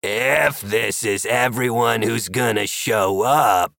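A man voicing an overeager male wizard who talks overly loud. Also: medium pitch, slow, vocal fry, no echo, clean studio sound. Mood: deflating.

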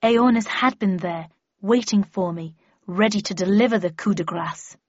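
Woman narrating an audiobook, kinda husky, dry dull recording. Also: mid-range voice, normal speed, no echo. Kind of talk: first-person audiobook narration.

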